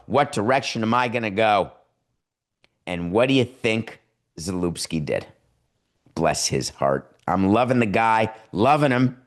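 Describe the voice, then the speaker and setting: A man hosting a podcast from his home studio and giving sarcastic, riffing sports commentary. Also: on the low side. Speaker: podcast host.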